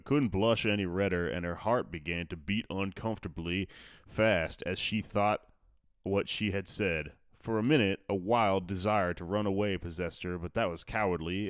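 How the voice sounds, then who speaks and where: An audiobook narrator with a smooth, lowish voice reads a classic novel aloud in a relaxed manner, dropping offhand asides and correcting his own slips. The recording is dry and studio-clean.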